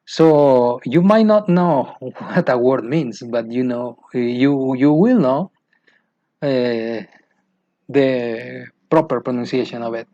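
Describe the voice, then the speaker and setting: A man's voice: mid-range voice, slow, dark tone. A man with a Mexican Spanish accent, a native Spanish speaker, lecturing teachers in English, restarting phrases and asking rhetorical questions. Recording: dull lo-fi sound.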